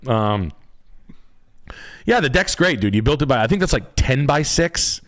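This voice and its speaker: A man's voice: medium pitch, very animated, a little slow. A man hosting a live stream, giving blunt, profane critiques of house listings as a realtor.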